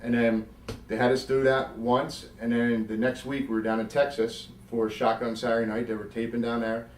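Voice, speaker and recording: Animated middle-aged man telling road stories. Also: mid-range voice, normal speed, echoey room, distant mic, slight background noise. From South Jersey. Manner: animated, swears freely, acts out quotes. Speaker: guest, former wrestler. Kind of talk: storytelling interview.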